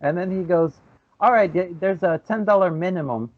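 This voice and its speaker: A man's voice: high voice, normal speed, no echo. Guy telling a story on a podcast, does the voices, sounds like a phone call. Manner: animated storyteller, acts out quoted voices. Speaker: podcast co-host. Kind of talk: casual chat. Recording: tinny phone-like audio.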